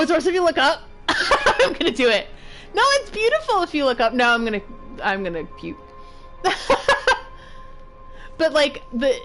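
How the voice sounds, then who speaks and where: Chatty woman streamer with a lively voice. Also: mid-range voice. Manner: chatty, rambling, jumpy nervous exclamations. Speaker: game streamer. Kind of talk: casual gameplay commentary.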